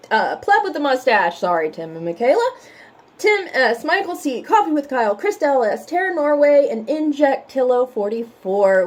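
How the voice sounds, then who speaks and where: A woman hosting a reaction vlog, talking casually and emotionally, teary from crying and apologizing for it. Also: high voice. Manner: emotional and tearful, apologetic, warmly chatty. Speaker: reaction channel host.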